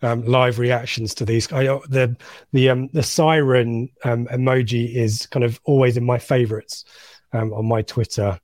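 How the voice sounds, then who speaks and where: A man co-hosts a casual live stream, reading viewer comments aloud with lots of ums and restarts. His voice sits at an ordinary pitch. The sound is dry and close. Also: steady tone, moderate pace, a little mellow, dry recording. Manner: rambling, many ums, reads names aloud. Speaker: co-host of a live fan stream.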